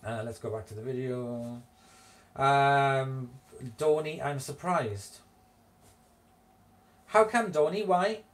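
Slow-talking, giggly man streaming live. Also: mid-range voice. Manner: chatty, giggly, reads viewer comments aloud. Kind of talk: casual live-stream chat reading comments.

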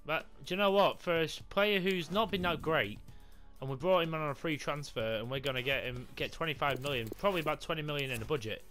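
A young man commentating his football game, swearing and shouting in frustration. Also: a little high, fast, soft background music. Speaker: gaming YouTuber. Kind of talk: raging gameplay commentary.

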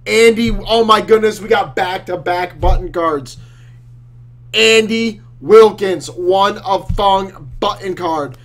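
A man putting on the voice of a brash, excitable card-collecting loudmouth who shouts and trash-talks while opening packs. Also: sits high, slow pace. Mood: boisterous. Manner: loud, trash-talking, exclaiming. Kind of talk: card-break commentary in character.

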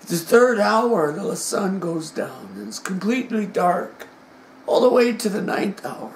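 A man delivers a dramatic sermon, passionate and theatrical, dropping to a hush and then rising to a shout. His voice has a gravelly edge, and he takes his time with every phrase. The sound rings out in a roomy, echoing space. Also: high-pitched, animated, unhurried, a little hiss or hum. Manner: impassioned, swings from hushed to shouting. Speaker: preacher. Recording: echoey room.

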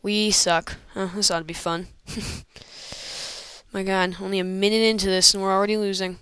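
A woman's voice: medium pitch, normal speed, smooth, no echo. A woman commentating her own video game play in a casual, rambling way, often exclaiming, into an old computer microphone. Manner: excitable, rambling, frequent exclamations and laughs.

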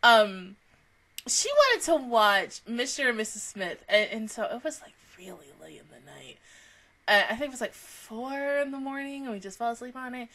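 Bright-voiced young woman reacting to anime. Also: on the high side, moderate pace. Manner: animated, profane, rambling with many fillers. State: tired from little sleep. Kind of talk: casual anime reaction commentary.

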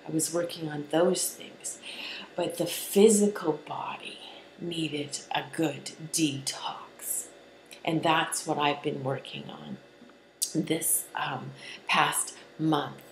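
A woman speaking as a spiritual healer in a casual vlog, earnest and rambling, often dropping into soft whispers. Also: low-pitched, roomy sound, slight background noise, rough recording.

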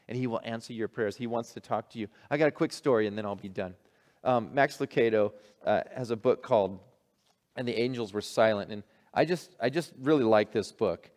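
A man's voice: mid-range voice, a little mellow. Folksy male pastor in reverberant hall. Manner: conversational, folksy preaching. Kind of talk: sermon with read-aloud story and prayer. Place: church hall.

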